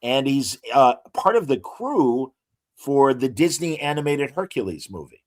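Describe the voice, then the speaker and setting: A man's voice: mid-range voice, very animated, measured pace, darkish tone. Chatty male podcast co-host. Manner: enthusiastic, trivia-heavy, lots of fillers. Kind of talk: casual chat.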